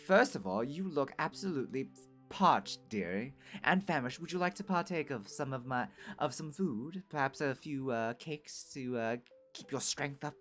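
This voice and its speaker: A prim British lady pours tea and teases her guest in soft, lowered tones, as a man puts her on. Her voice swings lively through genteel, old-fashioned phrases in a storybook manner. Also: moderate pace, faint music behind, close to an everyday voice. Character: genteel teasing lady hosting a forest tea party.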